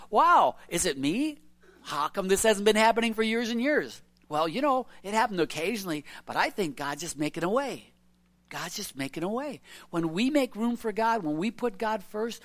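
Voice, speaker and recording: A preacher giving an informal evening sermon, telling stories earnestly with soft chuckles and asking "isn't it?" and "you know" all the time. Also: mid-range voice. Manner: chatty, many tag questions and "you know".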